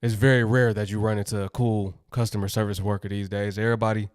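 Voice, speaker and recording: A man's voice: lowish voice, flat delivery, fast, smooth, no echo, clean studio sound. A man chatting casually, blunt and slangy, giving his opinions. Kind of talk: casual chat.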